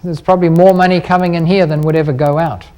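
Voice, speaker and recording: High-voiced man giving a persuasive seminar. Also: steady tone, fast talker, dark tone, dull audio. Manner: bold, persuasive, asks the room many rhetorical questions. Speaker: seminar speaker on property investing. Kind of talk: live seminar talk to an audience.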